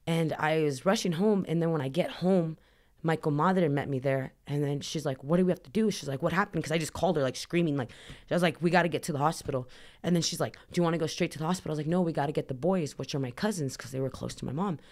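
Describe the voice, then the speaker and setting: A Southern California woman, a guest on a podcast, tells a personal story in a fast, low, slightly mellow voice. She rambles earnestly and emotionally, packing her retelling with "like."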